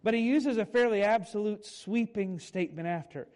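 A man in his thirties delivers a sermon in a relaxed, conversational manner. His voice sits a little high for a man. He leans on dramatic pauses, stretches key words, and often stops to correct himself mid-sentence. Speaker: pastor.

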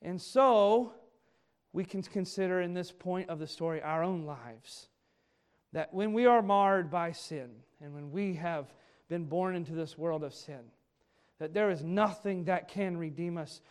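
A male pastor preaching a sermon in an animated way, acting out the speech of people he quotes. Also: high voice, a little slow, clear, resonant tone.

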